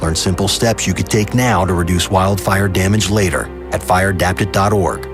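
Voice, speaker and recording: Deep male voice over music. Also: moderate pace. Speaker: public service announcer. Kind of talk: public service announcement.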